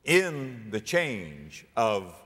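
A man preaching a sermon, dramatic and animated, acting out biblical speakers and rising to near-shouts. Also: fairly low pitch, extremely slow, slightly rough, big-room sound.

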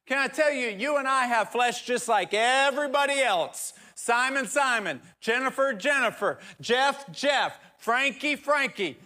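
A man preaching a sermon through personal stories, dropping to a soft near-whisper for emphasis. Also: very high-pitched, expressive, measured pace, hardly any pauses.

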